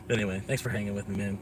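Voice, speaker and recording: A man's voice: lowish voice, background noise. An American man chatting casually as a vlogger, rambling and profane with lots of fillers, inside a moving vehicle.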